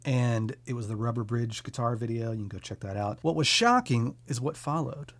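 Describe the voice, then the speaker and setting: A man hosting a music channel, talking casually and enthusiastically about creators he recommends, with quick self-deprecating asides. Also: medium pitch, expressive. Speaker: music YouTuber and host.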